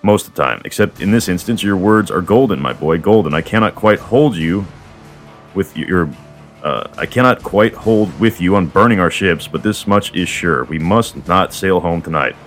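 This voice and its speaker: A man's voice: low voice, lively intonation, moderate pace, fairly bright tone, faint music behind. A man reading the part of an old, wise counselor, frank and paternal, lecturing the younger men. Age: older.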